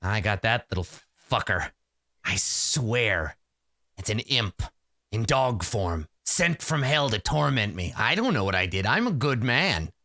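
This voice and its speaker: A man's voice: on the low side, very animated, measured pace, no room sound, clean studio sound, heavily acted. A man voicing a grumpy, foul-mouthed old hermit wizard who snaps at his dog. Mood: grumbling. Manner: cranky, shouting at his dog.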